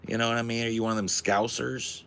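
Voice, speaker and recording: A male podcast host chatting casually, crude and joking, with an animated delivery. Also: mid-range voice, fast talker, gravelly.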